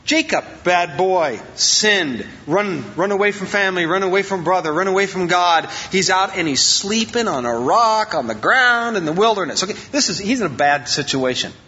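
A male pastor giving an informal, joking sermon, animated and often acting out voices. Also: high voice, moderate pace, hardly any pauses, dull audio.

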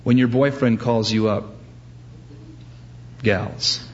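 A man preaching a sermon as pastor, animated and acting out the voices he quotes. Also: mid-range voice, slow, muffled recording.

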